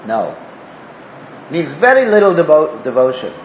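A man's voice: on the high side, very animated, moderate pace, background noise. A man giving a devotional talk, telling stories and asking listeners questions. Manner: asks the listeners questions, storytelling. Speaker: spiritual teacher. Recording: roomy dull lo-fi recording with faint ambience.

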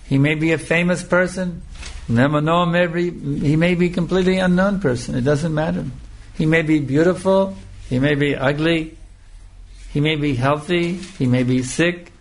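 A man giving a scripture lecture as a spiritual teacher, speaking slowly and emphatically and repeating phrases for emphasis. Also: on the high side.

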